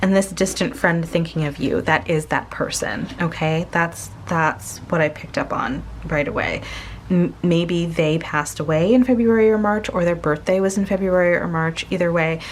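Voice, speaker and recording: A woman giving a casual spoken tarot reading to her viewers, gentle and searching, pausing often and restarting her sentences. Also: fairly low pitch, a little hiss or hum. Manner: slow, gentle, searching, with many pauses and restarts. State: tearful, emotional. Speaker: tarot reader.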